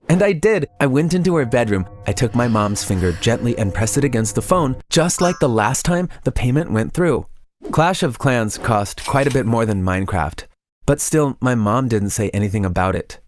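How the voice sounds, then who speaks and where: A man reading a scripted first-person confession story in plain storytelling. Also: medium pitch. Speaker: narrator.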